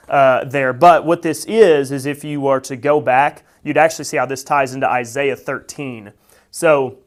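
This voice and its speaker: Casual man teaching scripture. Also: medium pitch. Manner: conversational, many fillers, reads scripture aloud with emphasis. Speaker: Bible teacher. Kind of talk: casual verse-by-verse Bible teaching.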